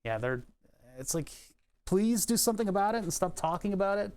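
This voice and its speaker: A man's voice: high-pitched, quick pace, darkish tone. A man streaming while he repairs a tablet, rambling casually with lots of fillers and asides. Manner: rambling, full of fillers and asides, laughs often. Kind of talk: casual livestream talk while repairing electronics.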